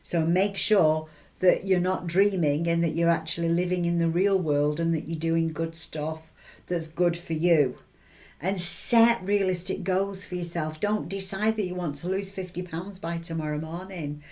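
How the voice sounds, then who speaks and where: A woman's voice: lowish voice, steady tone, normal speed, dark tone. A woman giving chatty, encouraging life advice, often checking in with the listener through little tag questions. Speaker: intuitive reader and advice giver. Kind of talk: motivational advice talk to camera.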